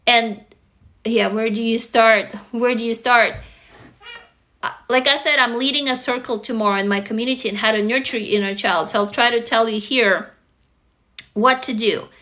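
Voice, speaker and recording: A woman's voice: fairly high pitch, moderate pace, bright, forceful tone. A woman from Russia, a native Russian speaker, earnestly coaching viewers on a live stream and often checking whether they follow. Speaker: livestream host and author. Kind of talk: casual live-stream talk. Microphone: phone.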